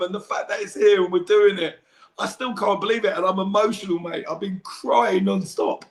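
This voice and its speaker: A man talking in a casual podcast chat, emotional and animated, calling the host mate. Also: high voice, normal speed, reverberant. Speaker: podcast regular, fan guest.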